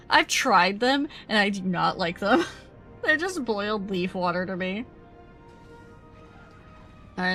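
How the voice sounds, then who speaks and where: A woman's voice: medium pitch, sharp tone. A young woman streamer chatting casually with her viewers during a game, giggly and chatty. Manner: chatty and giggly, talks to chat.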